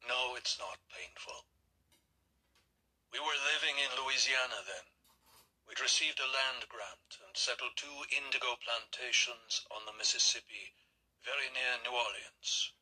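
A man voicing a centuries-old male vampire in an audiobook, speaking softly and slowly, often in a whisper. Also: medium pitch, breathy edge, exaggerated voice, rough recording. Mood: brooding. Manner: soft, slow, often whispered. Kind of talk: audiobook character reading.

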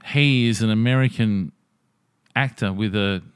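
A man co-hosting a casual podcast chat, blunt, excitable and quick to swear. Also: on the low side, clean tone, no room sound, studio quality. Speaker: podcast co-host.

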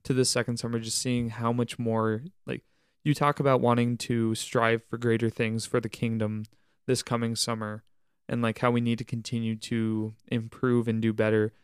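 A young man co-hosts a casual, reflective podcast, speaking earnestly and a bit preachily in church language about camp staff, leading by example, and everyday faith. His medium-pitched voice is clear and resonant, level in tone, at a moderate pace, with a dry, clean studio sound.

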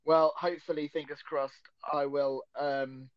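A man's voice: on the high side, little pitch movement, unhurried, no room sound, highs cut off. A man co-hosting a casual podcast chat, rambling and self-deprecating. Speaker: podcast co-host.

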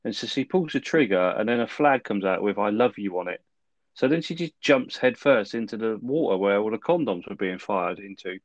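A man co-hosting a podcast, relaxed and chuckling as he fills in plot details. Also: lowish voice, a little fast, dry recording, highs cut off. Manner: laid-back, chuckling. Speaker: podcast co-host. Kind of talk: casual film review chat.

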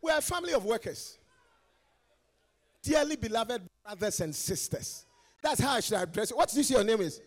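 High-voiced Ghanaian man preaching playfully. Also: animated, brisk, long pauses, in a large hall. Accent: Ghanaian English. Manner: playful, teasing, swings from quiet asides to shouts. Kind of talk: lively conference sermon. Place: large conference hall.

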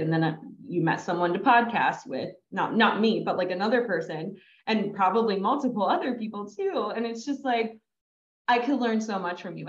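A woman hosting a podcast in casual, chatty conversation, her voice jumping up when she quotes herself. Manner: chatty and animated, jumps high when quoting herself. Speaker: podcast host. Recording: echoey, dull lo-fi sound.

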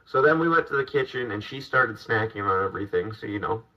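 A man's voice: on the low side, lively intonation, fast talker, bright, forceful tone. A man hosting a casual chat, telling a rambling anecdote with wry asides. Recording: distant dull mic.

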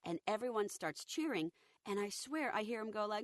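A woman voice actor telling stories in a casual interview, her voice deep and rough as she recovers from an illness, acting out quotes with energy. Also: fairly quick, dry recording, studio quality. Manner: lively anecdotal, acts out quotes. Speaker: voice actor guest.

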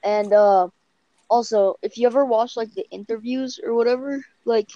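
A woman's voice: a little high, normal speed, mellow, dry recording, highs cut off. A young woman with a Canadian accent, chatting casually and rambling, filling her talk with "like" and "bro.". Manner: rambling, heavy use of "like" and "bro". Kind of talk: casual chat.

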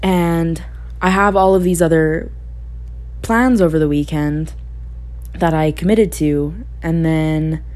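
A woman's voice: low voice, darkish tone. A young woman talking candidly about her own life in a reflective monologue, laughing often and thinking aloud. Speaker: podcast host.

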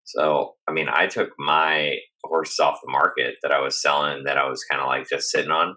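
A man co-hosting a podcast in casual chat, animated and rambling, often quoting himself. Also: a bass voice, normal speed, poor audio. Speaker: podcast co-host.

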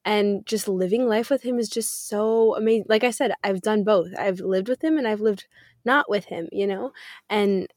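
A woman's voice: medium pitch, moderate pace, darkish tone, no room sound. Young woman co-host, heartfelt and rambling, close dry mic. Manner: heartfelt, rambling, laughs easily. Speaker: podcast co-host. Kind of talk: casual faith podcast chat.

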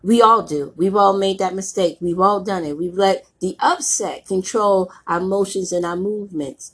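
A middle-aged woman gives a motivational talk, her voice husky and worn by a cold. She talks bluntly and plainly, in a preaching tone full of casual slang. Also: medium pitch, moderate pace. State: voice roughened by a cold. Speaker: motivational speaker.

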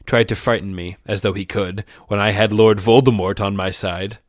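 A man's voice: lowish voice, fairly even intonation, moderate pace, dry recording, studio quality, lightly acted. A man voicing a nervous, scheming male wizard teacher in a put-on British accent. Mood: menacing.

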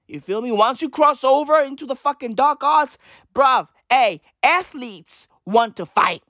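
A woman's voice: sits high, lively intonation, a little slow, a bit bright, no echo, studio quality. A woman ranting in casual commentary, swearing freely and leaning on slang fillers. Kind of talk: profane slangy commentary rant.

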